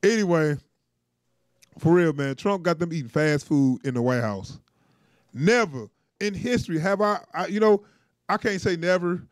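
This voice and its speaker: A high-pitched man chatting casually as co-host, with a very lively, swooping voice. He laughs a lot and plays out the quotes he tells. The sound is dry and close. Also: normal speed, no echo. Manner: animated, laughing, acts out quotes. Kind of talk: casual reaction chat.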